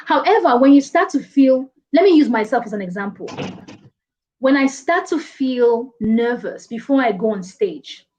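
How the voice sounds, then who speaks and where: A woman giving speaking advice as a guest in a casual online interview, lively and playful, often laughing. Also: a little high, lo-fi sound. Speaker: guest speaker, presentation coach.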